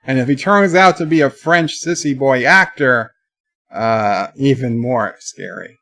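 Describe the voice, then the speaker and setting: A man hosting a casual livestream, rambling through a story with animated outbursts and reading viewer chat aloud. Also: mid-range voice, a little slow. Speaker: live stream host.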